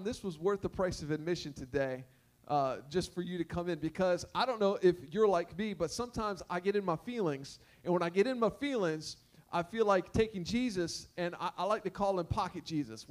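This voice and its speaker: Male preacher with a high voice, storytelling sermon, stammering repeats. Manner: storytelling with repeated words and sung snippets. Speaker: pastor.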